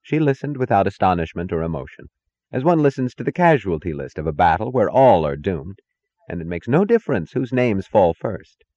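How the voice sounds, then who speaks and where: A man narrating a novel in a measured, dramatic reading that gives each character its own voice. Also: sits low, very animated, mellow, no echo, dull audio. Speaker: audiobook narrator. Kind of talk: scripted narration.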